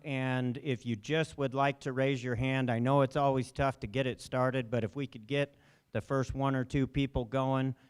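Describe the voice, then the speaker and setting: A man's voice: mid-range voice, clear, resonant tone. A man emceeing a memorial service in a lecture hall, speaking into a handheld microphone and telling anecdotes, briefly mimicking voices in his quotes. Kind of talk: speaking to a gathering.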